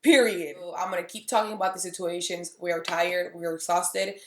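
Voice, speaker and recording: A woman's voice: lowish voice, steady tone, fairly quick, echoey room. A woman in her thirties, telling stories to camera in a candid vlog style and acting out both sides of the conversations. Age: 30s. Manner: candid storytelling, acting out dialogue. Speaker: beauty vlogger. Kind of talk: casual vlog monologue.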